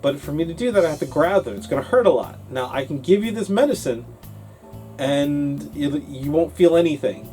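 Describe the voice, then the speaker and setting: Animated man telling a story. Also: fairly high pitch, fairly quick, faint music behind. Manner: animated, acts out his younger self with laughs. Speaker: co-host of an English-learning talk show. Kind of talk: casual storytelling chat.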